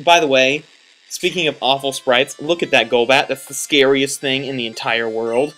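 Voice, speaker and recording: A man's voice: mid-range voice, steady tone, normal speed, a bit bright, faint music behind. Rambling young man commenting on a game. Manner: rambling, self-deprecating, jokey. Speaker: let's play commentator. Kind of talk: casual gameplay commentary.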